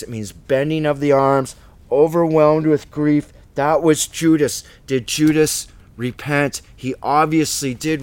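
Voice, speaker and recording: A man teaching the Bible in an informal, emphatic way, rambling with restarts and asides. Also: medium pitch.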